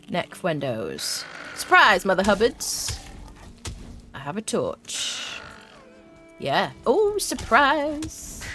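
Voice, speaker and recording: A woman's voice: fairly low pitch, fairly bright tone. A young woman streaming a survival game, chatting with her viewers, reading chat aloud and humming little tunes as she plays. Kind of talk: live-stream gameplay commentary.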